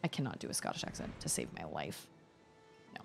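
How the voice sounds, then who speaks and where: A young woman streaming a video game, chatting casually and thinking out loud as she plays. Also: very deep voice, sing-song, fairly quick, gravelly, over music. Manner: chatty, musing aloud, reading chat. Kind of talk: casual gameplay commentary.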